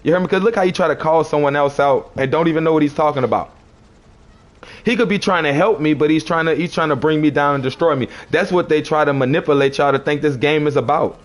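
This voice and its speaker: A livestreaming man with a fairly high voice speaks at a quick pace, arguing with his live chat in a preachy, confrontational manner while repeating himself.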